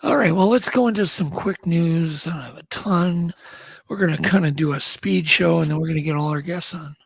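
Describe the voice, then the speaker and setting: A man's voice: fairly high pitch, a little fast, vocal fry, breathy edge, dry recording. A man co-hosting a podcast, running through news items in a chatty, rambling way with frequent restarts. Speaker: podcast co-host. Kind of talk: casual chat.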